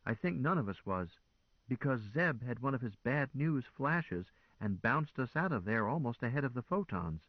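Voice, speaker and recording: A man voicing a calm, teasing woman commodore who gives orders with wry composure. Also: medium pitch, normal speed, dry recording, dull audio, voice pushed up. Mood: sober.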